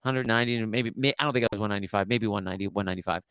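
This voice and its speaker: A man's voice: fairly low pitch, rapid-fire, pushed and bright, clear, resonant tone, no echo. A middle-aged man co-hosting a podcast, rambling through an old memory in casual chat with frequent restarts. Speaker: podcast co-host.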